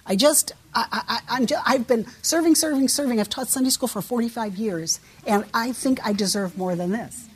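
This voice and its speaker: A woman's voice: fairly high pitch, a little fast, few pauses, husky. A woman voicing a resentful longtime churchgoer who rants in a whiny, indignant way and stumbles over her words. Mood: grumbling, indignant. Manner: whiny, indignant, stammering rant. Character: resentful, self-pitying longtime churchgoer, grumbling.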